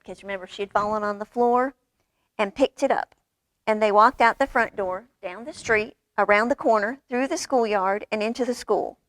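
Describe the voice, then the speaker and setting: Expressive woman reading a storybook. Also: fairly high pitch, dry recording. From United States. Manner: expressive, animated character voices. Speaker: librarian reading a storybook aloud. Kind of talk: children's storytime read-aloud.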